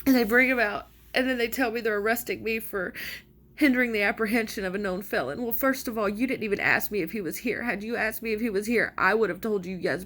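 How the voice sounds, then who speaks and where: A woman's voice: mid-range voice, fairly bright tone. A woman telling her own story in an indignant, frustrated, emphatic way, as a mother. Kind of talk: personal account to camera.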